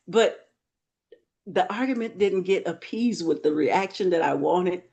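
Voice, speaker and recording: A woman hosting a casual chat, telling stories in an animated way, her voice jumping up when she gets excited. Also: lowish voice, moderate pace. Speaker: host.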